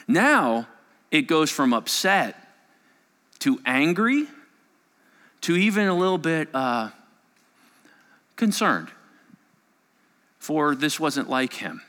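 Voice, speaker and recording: Animated pastor preaching in a reverberant hall. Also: male voice, mid-range voice, slow, long pauses. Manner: storytelling with big swings between hushed and raised passages. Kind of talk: sermon.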